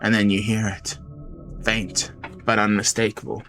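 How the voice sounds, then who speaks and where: A man streaming a visual novel, reading it aloud dramatically with excited outbursts. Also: lowish voice, unhurried. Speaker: game streamer. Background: game music.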